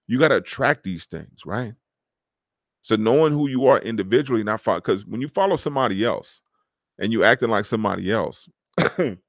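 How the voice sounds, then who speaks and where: A man's voice: lowish voice, no room sound, studio quality. A man hosting a podcast, talking in a casual, slangy, preachy way to his listeners. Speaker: podcast host. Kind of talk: motivational podcast monologue.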